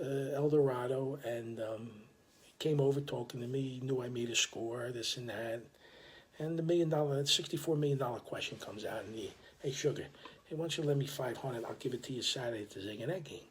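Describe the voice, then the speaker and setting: Older man, street storyteller, profane, animated, middle pitch. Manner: animated, profane, full of restarts. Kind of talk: casual storytelling.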